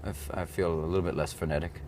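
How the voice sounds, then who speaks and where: This is a fast-talking American man in his thirties, an actor at a playful press junket, rambling and frequently breaking into comic voices. His voice is deep and darkish, with fairly even intonation, and slight background noise can be heard.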